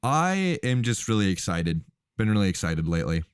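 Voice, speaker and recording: A man's voice: on the low side, big pitch swings, normal speed, clear, resonant tone, no echo, studio quality. A man hosting a podcast in casual chat, upbeat and rambling as he talks. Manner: rambling, upbeat, many fillers and restarts. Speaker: host.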